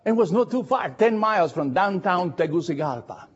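A man preaching a sermon in English, slow and emphatic, repeating phrases for effect. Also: high voice, expressive, slightly rough, highs cut off. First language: Spanish.

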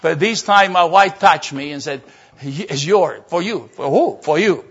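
An older man, a pastor telling a story in a sermon, animated and acting out voices. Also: fairly high pitch, unhurried, husky. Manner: animated, acts out voices and laughter. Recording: dull lo-fi sermon recording.

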